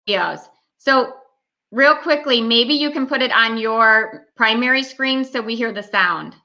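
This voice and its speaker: A woman's voice: fairly high pitch, unhurried, sharp tone. Woman on a muffled video call. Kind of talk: casual talk on a video call. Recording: dull lo-fi video call audio.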